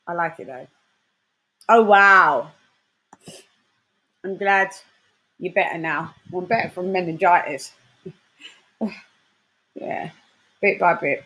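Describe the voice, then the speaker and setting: A woman chats loosely with her viewers in a stream. She talks in slang, boasting and trading jabs in animated banter. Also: lowish voice, slow pace, pauses often. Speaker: host; grime and dancehall artist. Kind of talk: casual livestream chat.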